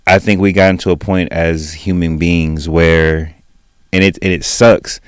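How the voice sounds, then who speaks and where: Deep-voiced man, animated storyteller. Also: measured pace, clean tone, no echo, clean studio sound. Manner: animated storytelling, acts out both sides of an argument. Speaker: podcast co-host. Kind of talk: casual podcast chat.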